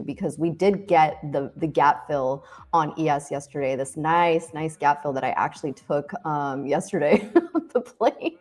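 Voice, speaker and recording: A woman with a notably low voice walks through chart levels on a live trading stream. She is friendly and easygoing, and she explains each step plainly. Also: darkish tone. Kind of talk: casual market commentary.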